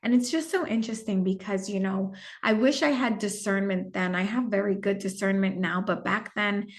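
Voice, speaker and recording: A middle-aged woman, a podcast guest, telling a personal story in a candid, reflective way with some halting restarts. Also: medium pitch. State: gets emotional at times.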